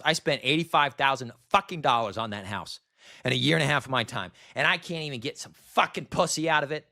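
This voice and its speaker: A man's voice: mid-range voice, expressive, fast talker, bright, forceful tone. A man in his thirties delivering a bitter, exasperated, profanity-filled rant, repeating himself as he vents. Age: 30s. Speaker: vlogger. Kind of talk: ranting monologue to camera.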